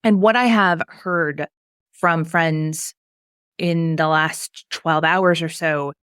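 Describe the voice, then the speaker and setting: A woman co-hosts a podcast discussion in a thoughtful, reflective way. Her voice sits low, and the recording is dry. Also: steady tone, slow pace, a bit bright, clean tone, no room sound.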